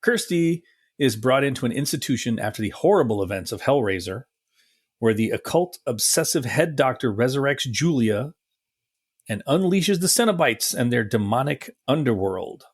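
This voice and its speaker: Husky-voiced joking man co-host. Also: medium pitch, expressive. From New Mexico, US. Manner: joking, quick with wisecracks. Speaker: podcast co-host. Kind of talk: casual chat.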